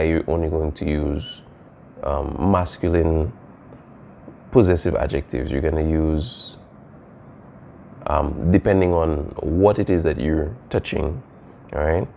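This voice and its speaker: A man's voice: very deep voice, steady tone, slow, vocal fry, long pauses, dark tone, slight background noise. A man teaching a Spanish lesson, explaining casually with frequent fillers and "all right?" checks. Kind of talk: recorded classroom lesson.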